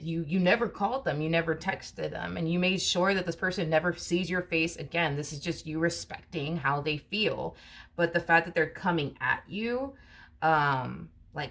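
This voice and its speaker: A woman with a low voice talks viewers through a tarot reading in a loose, rambling way. She circles back on her points and leans on fillers as she goes. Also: moderate pace, a bit bright. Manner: chatty, repetitive, many fillers like "you know" and "um". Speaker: tarot reader. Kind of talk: casual tarot reading monologue.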